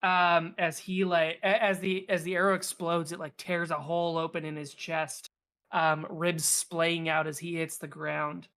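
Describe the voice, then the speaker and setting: A man's voice: fairly high pitch, flat delivery, unhurried, pushed and bright, smooth. A young man narrating as game master, rambling with lots of fillers and restarts.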